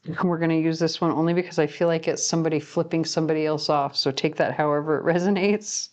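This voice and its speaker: A woman reads tarot cards to her viewers in a loose, talkative way, wandering off on tangents and laughing at her own jokes. Her voice sits a little on the low side. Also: steady tone, quick pace. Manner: chatty and rambling, laughs often at herself. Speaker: tarot reader. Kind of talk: casual tarot reading to camera.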